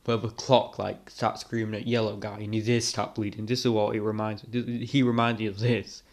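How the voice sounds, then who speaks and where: A man's voice: lowish voice, little pitch movement, moderate pace. A young man hosting a reaction video, talking casually and mockingly with lots of rambling fillers. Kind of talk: casual commentary over clips.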